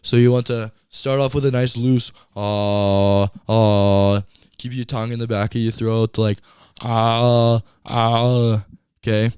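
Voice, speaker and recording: A man's voice: mid-range voice, completely flat delivery, a little fast, few pauses, warm tone, clean tone, no echo. A young man co-hosting a casual podcast, laid-back and joking. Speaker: podcast co-host.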